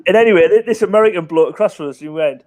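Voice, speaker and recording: A man tells a lively, rambling story and acts out everyone's lines as he goes. The sound is close and dry, with no room around it. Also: sits high, racing, no echo. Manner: lively anecdotal storytelling, acting out other people's lines. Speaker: guest on a chat stream. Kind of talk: casual chat, telling a funny story.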